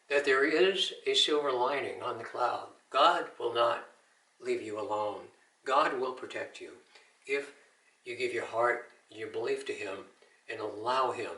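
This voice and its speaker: A man's voice: medium pitch, sharp tone, reverberant, distant mic, low-quality recording. An older man, an Army veteran, giving an earnest personal testimony with Christian encouragement. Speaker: Army veteran telling his story.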